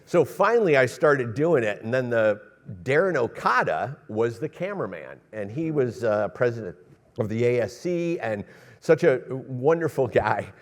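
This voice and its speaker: A middle-aged man, a cinematographer, telling stories on an expo stage with lively quoted voices and laughter. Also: mid-range voice, normal speed. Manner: animated storyteller, acts out quotes, laughs often. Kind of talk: storytelling on a panel. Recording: reverberant expo hall.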